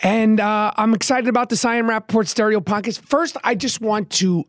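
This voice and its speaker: A man hosting his own podcast, his voice hoarse and not at full strength, talking in a brash, profane, rapid-fire way and repeating catchphrases. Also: high voice, lively intonation, no echo, studio quality. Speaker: podcast host. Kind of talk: hyped solo podcast monologue.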